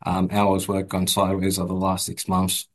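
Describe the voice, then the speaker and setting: A man's voice: low voice, monotone, moderate pace, poor audio. A man with an Australian accent, a bank economist answering interview questions with many fillers and restarts. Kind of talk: casual interview commentary.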